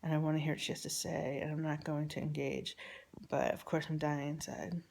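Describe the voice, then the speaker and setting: A woman telling a personal story about her family in a rambling, halting, confessional way, often dropping to a near whisper. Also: deep voice, flat delivery, vocal fry, darkish tone, a little hiss or hum.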